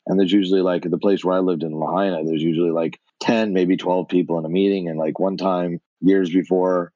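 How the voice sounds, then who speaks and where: Deep-voiced man telling blunt, profane stories. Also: no echo, muffled recording. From New York. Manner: blunt, profane, animated storyteller. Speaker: guest. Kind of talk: candid storytelling with profanity.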